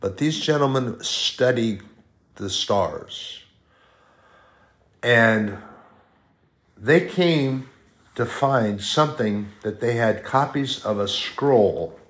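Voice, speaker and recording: Speaking extremely slowly and pausing often, a middle-aged man preaches and teaches from the Bible in a mid-range voice. His delivery is conversational, with fillers and self-corrections, swinging from soft asides to loud, rising proclamations.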